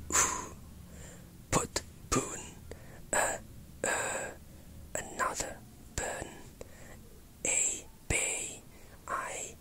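A pronunciation teacher giving a whispered lesson, carefully enunciating single sounds and word lists close to the mic. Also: poor audio.

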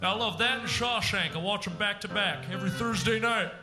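On a club stage, a man with a high, brisk voice performs live character comedy over music. He rambles and blusters like a brash dad working the crowd, and the room sounds echoey.

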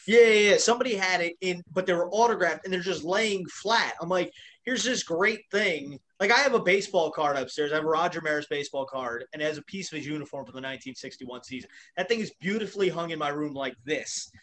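A man's voice: on the high side, fast, few pauses, a bit bright, slight background noise. A man co-hosting a casual video podcast, joking and teasing his guest, with a self-described nitpicky streak. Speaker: podcast co-host.

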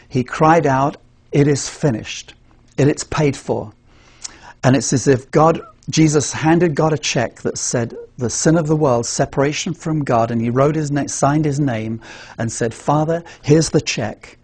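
Demonstrating how to present the gospel, an English evangelism trainer speaks earnestly, asking rhetorical questions and supplying his own answers. He has a mid-range, somewhat mellow and husky voice, recorded without room sound.

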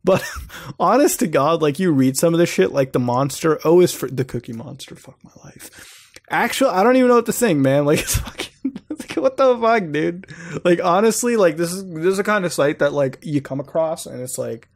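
Young man, gaming channel host, casual profane commentary, rambling, slightly high pitch. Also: lively intonation, fairly quick. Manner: profane, rambling, laughs often. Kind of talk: casual commentary while browsing websites.

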